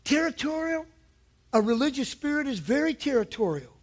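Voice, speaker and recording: A male pastor preaching at a weeknight church service, with a very high voice. His tone is bright and forceful, and he keeps his delivery emphatic, pushing up to shouts to drive his points home. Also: big pitch swings, normal speed. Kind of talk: sermon.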